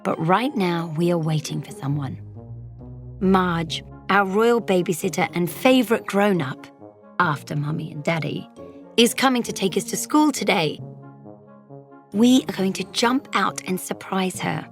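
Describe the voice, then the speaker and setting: A woman narrating a children's storybook as a young girl, lively and dropping into whispers for suspense. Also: fairly low pitch, measured pace, faint music behind. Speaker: audiobook narrator.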